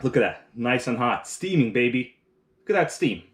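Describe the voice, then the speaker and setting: A man's voice: mid-range voice, lively intonation, moderate pace. A man hosting a casual live stream, chatting while eating and reading viewer comments aloud, rambling with restarts. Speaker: livestream host.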